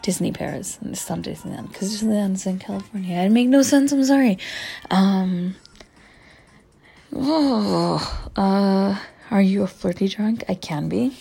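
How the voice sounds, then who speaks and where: A young adult woman telling a casual, animated story as a vlogger, full of "like" fillers and swearing. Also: mid-range voice, measured pace, creaky, husky, low-quality recording. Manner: chatty, heavy on "like" fillers and swearing; animated, acts out quoted voices. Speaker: vlogger answering viewer questions.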